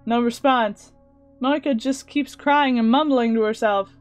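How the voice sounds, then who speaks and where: Woman, let's play host, reading aloud, animated asides, fairly high pitch. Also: measured pace, dry recording, faint music behind. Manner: animated reactions and filler sounds. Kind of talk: reading a visual novel aloud with commentary.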